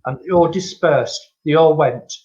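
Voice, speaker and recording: A man's voice: a little high, measured pace, darkish tone. An older man, a spiritualist medium, chatting as a guest and acting out the voices in his stories. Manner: acts out dialogue, laughs often, calls people "my friend". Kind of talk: chatty anecdotal storytelling. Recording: dull lo-fi call audio.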